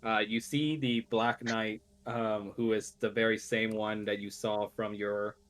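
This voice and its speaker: A man narrating as game master on an online call, with a halting delivery full of fillers. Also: lowish voice, flat delivery.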